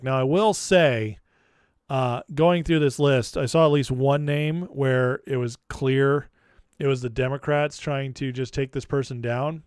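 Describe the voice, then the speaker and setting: A man's voice: medium pitch, a little mellow, clean tone, no echo, studio quality. A man hosting a political commentary vlog, talking in a chatty, opinionated, offhand way. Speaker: host.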